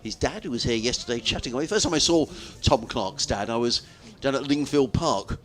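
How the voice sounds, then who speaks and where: A man's voice: mid-range voice, expressive, a little fast, a bit bright. A man commentating on cricket from a commentary box, chatty and rambling into anecdotes, laughing easily. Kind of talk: live radio-style ball-by-ball commentary.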